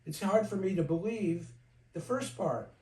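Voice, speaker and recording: An older male therapist leads a group discussion, speaking frankly and telling stories, sometimes imitating the voices of people he quotes. His voice is high-pitched and a little mellow, his pace measured. He's far from the mic in an echoey room.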